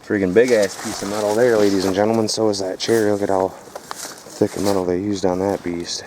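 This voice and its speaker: A man filming a casual vlog outdoors at a rural property. He talks straight to his viewers in a rough, profane way. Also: lowish voice, little pitch movement, brisk, noisy background. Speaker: scrap metal vlogger.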